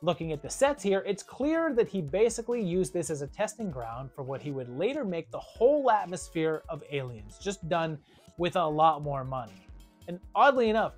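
Horror review host, mid-pitch, animated and wry, faint music bed. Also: moderate pace. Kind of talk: scripted video review narration.

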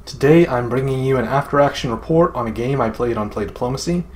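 A man's voice: mid-range voice, quick pace. Jokey self-deprecating male host. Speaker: channel host and game commentator. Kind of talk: casual video commentary.

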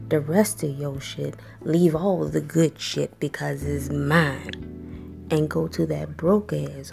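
Casting: woman playing a scorned ex, deep gravelly voice, slow and profane, drops to a whisper. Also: heavily acted. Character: scorned woman dumping her partner by voicemail. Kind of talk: voicemail monologue in animation.

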